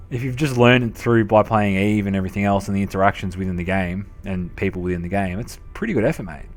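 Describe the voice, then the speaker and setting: Swearing Australian streamer, low voice. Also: male voice, fast, few pauses, faint music behind. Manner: swearing, slangy, chatting with viewers. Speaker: game streamer. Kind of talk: casual live-stream commentary.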